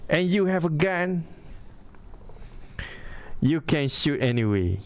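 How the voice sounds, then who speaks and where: Slow, deliberate man. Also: a little high, very animated. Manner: deliberate, pauses to find words. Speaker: host. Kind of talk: casual Q&A chat.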